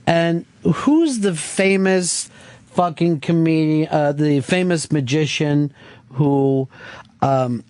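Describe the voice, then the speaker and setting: A man hosts a radio call-in show with a loose, chatty manner and casual swearing. His voice sits high for a man. The studio sound is dry and close, with no room around it. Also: takes it slowly, darkish tone, dry recording. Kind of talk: casual radio talk taking calls.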